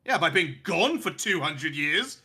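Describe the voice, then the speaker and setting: A man's voice: fairly high pitch, big pitch swings, measured pace, breathy edge, voice pushed up, full character voice. Man doing a brash, resentful young hothead. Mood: sulky. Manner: brash, shouting.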